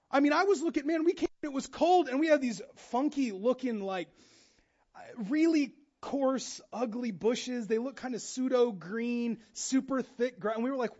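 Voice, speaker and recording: High-voiced animated male pastor. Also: a little fast, lo-fi sound. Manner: animated, acts out quotes with shifting voice. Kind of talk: sermon.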